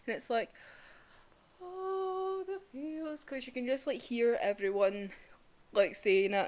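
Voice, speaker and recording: A young woman chatting casually about a manga chapter, excitable and swearing freely. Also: fairly high pitch, slow pace. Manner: excitable, swearing, laughs often. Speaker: manga reviewer. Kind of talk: casual chat.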